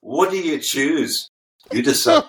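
A man's voice: fairly high pitch, measured pace, slight background noise. An older Scottish man, a guest musician, telling rambling anecdotes with laughter and swearing. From Scotland. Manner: animated storyteller, laughs often, swears freely. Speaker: guest keyboard player. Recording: distant from the mic.

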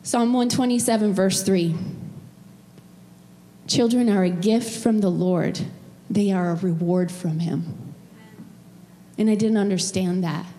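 A woman's voice: mid-range voice, fairly even intonation, measured pace, long pauses, mellow. A middle-aged woman pastor giving an emotional, personal sermon in a church. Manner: emotional, tearful at times, personal storytelling. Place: church sanctuary. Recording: long hall reverb.

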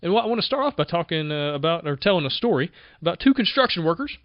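A man hosting a podcast, talking in an energetic, conversational way and often repeating himself as he goes. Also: on the high side, fast, no room sound, muffled recording. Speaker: podcast host. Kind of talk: casual motivational monologue.

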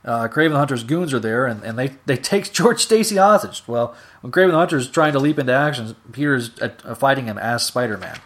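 A man's voice: medium pitch, animated, brisk, few pauses. A man hosting a podcast alone, casually recapping comic stories with many fillers. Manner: casual, filler-heavy retelling. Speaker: podcast host. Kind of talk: solo recap reading comics aloud.

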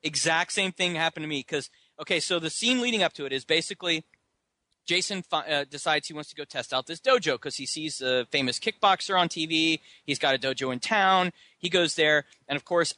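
A man with a bright, fairly high voice co-hosts a casual movie podcast. He races through plot recaps and now and then jumps into goofy character voices. The sound is close and dry, with no room echo. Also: a little fast. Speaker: podcast co-host.

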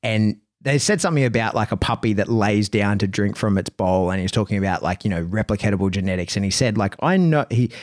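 A man hosting a podcast in casual chat, an animated storyteller who acts out bits of dialogue. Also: fairly low pitch, fast, hardly any pauses, no echo, studio quality. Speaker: podcast host.

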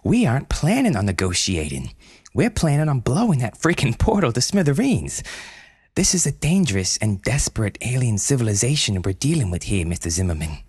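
A man's voice: fairly low pitch, very animated, moderate pace, dry recording, clean studio sound, pitched above the performer's own voice. A man doing a firm woman president. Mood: determined. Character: firm middle-aged woman president, a soccer mom. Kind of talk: storytelling audio drama.

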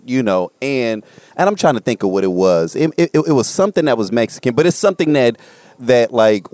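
A man's voice: on the low side, dry recording. A man co-hosting a casual chat, telling a story animatedly with lots of swearing and acted-out voices. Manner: animated, profane, acts out voices while telling stories.

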